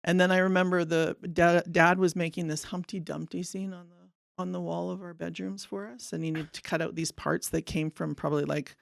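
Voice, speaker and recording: A woman in her fifties, an artist guest on a podcast, reminiscing in an earnest, upbeat way with a slightly gravelly voice. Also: fairly low pitch, steady tone, a little fast, no room sound, clean studio sound. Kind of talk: casual interview.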